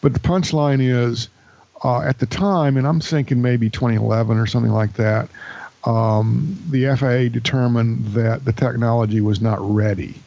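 A man's voice: medium pitch, fairly even intonation, moderate pace, vocal fry, dark tone, no echo, dull audio. A man co-hosting an aviation podcast, explaining an incident in a casual, hesitant way with many fillers. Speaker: podcast co-host. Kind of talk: casual chat.

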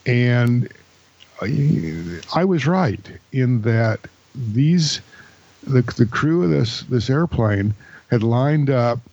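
A man's voice: mid-range voice, animated, drawn-out words, a little mellow, breathy edge, lo-fi sound. A man co-hosting an aviation podcast, explaining an incident in a casual, hesitant way with many fillers. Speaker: podcast co-host. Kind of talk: casual chat.

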